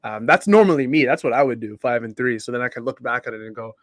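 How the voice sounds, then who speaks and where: A man's voice: medium pitch, quick pace, dry recording, clean studio sound. A man hosting a casual sports talk show, chatting with his co-hosts, laughing often and reading viewer comments aloud. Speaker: podcast host.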